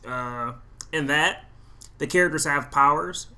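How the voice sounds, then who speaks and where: A man's voice: on the high side, measured pace, pushed and bright. A man co-hosting a podcast in casual chat, full of fan trivia, with lots of fillers. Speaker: podcast co-host.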